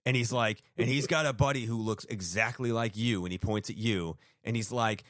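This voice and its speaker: A man of middle pitch co-hosts a casual podcast, spinning a story with constant fillers and restarts. He slips into little voices to quote people. The sound is dry and close, with no room around it. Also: expressive, normal speed, few pauses, a bit bright, dry recording. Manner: rambling storyteller, acts out quotes, many fillers. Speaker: podcast co-host. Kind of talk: casual chat.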